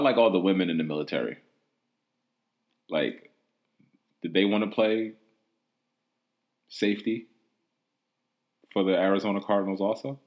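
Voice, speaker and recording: A man hosting a solo sports podcast, rambling and mocking in a casual, profane way, full of "like" and "um". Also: lowish voice. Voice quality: profane, rambling, heavy use of "like" and "um". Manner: animated, mocking, incredulous. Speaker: podcast host.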